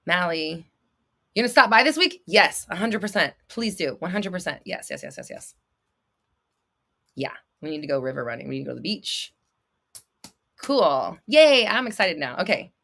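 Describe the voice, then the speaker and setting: A young woman hosting a casual livestream, reading viewer comments and coaching them in a blunt, excitable way, swearing freely and laughing often. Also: on the low side, moderate pace. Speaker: manifestation coach and livestream host.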